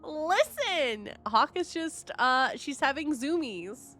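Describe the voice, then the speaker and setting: A woman's voice: mid-range voice, expressive, measured pace, a bit bright, soft background music. A woman gaming streamer giving casual reaction commentary, chatty and rambling, laughing often.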